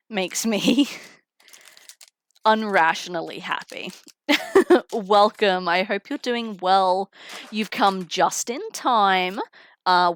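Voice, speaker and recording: Slow-talking chatty young woman streamer. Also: mid-range voice, fairly bright tone, no echo, clean studio sound. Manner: chatty, giggly, talks to chat while unboxing. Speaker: streamer opening trading cards. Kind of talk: casual live-stream chat. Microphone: headphones with mic.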